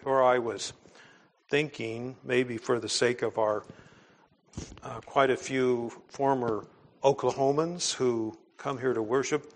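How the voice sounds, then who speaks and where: Male pastor, mid-pitched voice, earnest, conversational sermon delivery with quiet trailing phrase ends. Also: takes it slowly. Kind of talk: conversational sermon with scripture reading.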